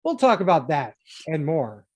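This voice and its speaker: Female podcast host: low, lively pitch, wry, sarcastic, profane. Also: normal speed, breathy edge. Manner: wry, sarcastic, swears freely. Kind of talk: casual profane podcast chat.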